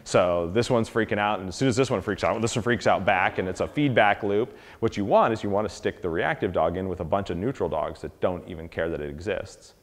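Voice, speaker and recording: A man giving a casual, animated dog-training lesson, acting out dogs and people in quick quoted voices. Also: low-pitched, long reverb tail. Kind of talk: casual instructional talk.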